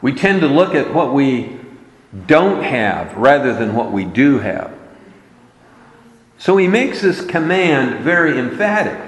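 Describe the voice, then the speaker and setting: Slow, animated male preacher in an echoey hall. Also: medium pitch. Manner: emphatic, repeating key words. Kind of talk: sermon.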